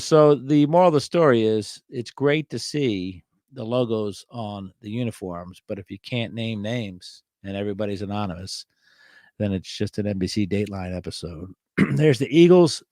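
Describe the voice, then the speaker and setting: Medium-pitched and darkish, the man talks at a normal speed over clean studio sound with no room noise. Hosting his own easygoing program about vintage trading cards, he recites what's printed on the backs and quips wryly in passing.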